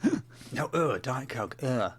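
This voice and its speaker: A man calling in remotely as a podcast guest, teasing with a dry, deadpan wit. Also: medium pitch, slow, a little hiss or hum. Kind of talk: casual chat. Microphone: remote call mic.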